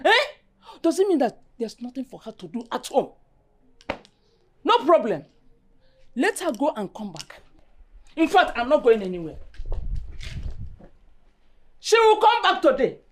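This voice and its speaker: Ibu galak yang memarahi. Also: female voice, high voice, very animated, a little slow, pauses often. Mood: angry. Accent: Nigerian. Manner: loud, scolding, shouting. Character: harsh scolding middle-aged mother. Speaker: mother.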